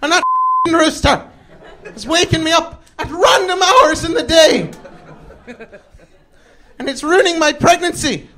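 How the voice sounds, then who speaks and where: A male comedian voicing an angry pregnant woman neighbor who yells and swears at him, pitched far up and shrill. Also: unhurried, pauses often, full character voice. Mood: furious. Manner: shrill, furious, yelling.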